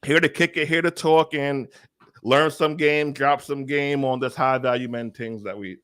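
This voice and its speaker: A man's voice: medium pitch, moderate pace, clean tone, no echo. Easygoing man, dry close sound. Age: 40s. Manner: relaxed, easygoing, slang-laced. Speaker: guest. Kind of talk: casual interview chat.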